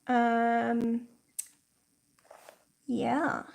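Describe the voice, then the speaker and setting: Brief: woman host, relaxed slow pace, chatty stream talk full of "like"s. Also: fairly high pitch, creaky. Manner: chatty, frequent "like" fillers, storytelling; slow, thoughtful explaining. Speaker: livestream host. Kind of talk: casual livestream chat.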